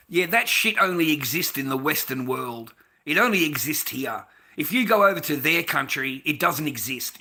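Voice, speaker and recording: A man's voice: on the high side, bright, forceful tone. An Australian man delivering a heated, profane ranting monologue, repeating himself and tossing in "mate" between sentences.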